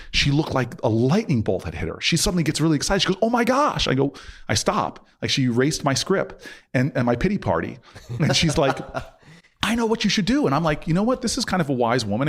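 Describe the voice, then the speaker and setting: A man telling a story as a podcast guest, acting out quoted dialogue with sudden jumps up in pitch, and often restarting and repeating words. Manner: frequent restarts and stammered repeats. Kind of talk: animated storytelling in a podcast interview.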